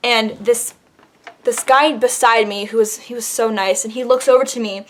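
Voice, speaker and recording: A young woman vlogger telling a dramatic personal story in an animated, casual way. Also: fairly high pitch, moderate pace. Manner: animated, dramatic retelling with laughs. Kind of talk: storytime vlog.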